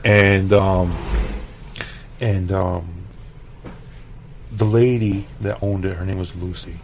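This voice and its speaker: A man with a fairly low voice tells a rambling, animated story about a kitchen job. He swears casually, acts out other people's lines, and keeps checking in with his listener. A faint noise floor sits under the recording. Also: slow pace. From El Paso, Texas. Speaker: chef guest.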